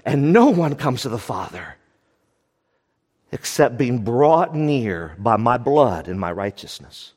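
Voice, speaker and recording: A man preaching a sermon as pastor, fervent, with big swings between raised and hushed passages. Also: mid-range voice, sing-song, slow pace, husky, long reverb tail.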